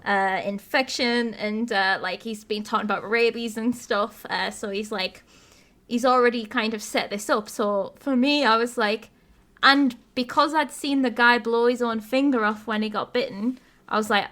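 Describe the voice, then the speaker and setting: A woman's voice: on the high side, normal speed. A woman podcast host, casually retelling a video game story with lots of laughter. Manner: animated storytelling, laughs often.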